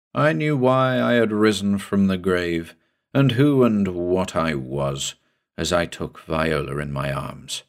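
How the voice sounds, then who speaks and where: A man reading a horror story aloud as narrator, in a slow, brooding and deliberate manner. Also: low-pitched.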